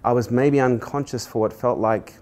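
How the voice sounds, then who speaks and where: A middle-aged man, a podcast host, speaks at an ordinary medium pitch. He tells a personal story earnestly to his guest and grows animated as he recounts it. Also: moderate pace. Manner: earnest, animated when retelling dialogue, laughs at himself.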